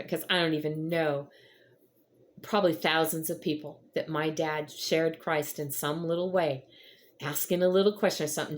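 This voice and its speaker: A middle-aged woman hosting her own channel, telling a personal faith story to her viewers in an earnest, emotional way. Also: low voice. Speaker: vlog host.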